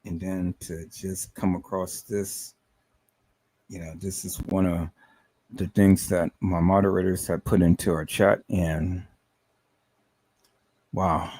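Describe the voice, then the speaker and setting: A man's voice: deep voice, little pitch movement, slow pace, pauses often, a little mellow, breathy edge. A man hosting a livestream, talking emotionally and emphatically, repeating words and stammering as he addresses his viewers as "people". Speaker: live stream host.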